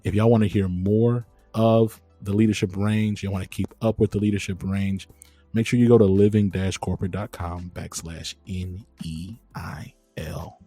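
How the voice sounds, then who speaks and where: Low, dark-voiced young man hosting a podcast. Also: moderate pace, husky, faint music behind. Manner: lively, addresses listeners as y'all. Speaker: host. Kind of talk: casual podcast chat.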